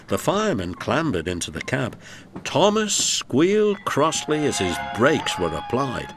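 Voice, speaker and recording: A man doing expressive storybook narration for children. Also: lowish voice, slight background noise. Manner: expressive, unhurried.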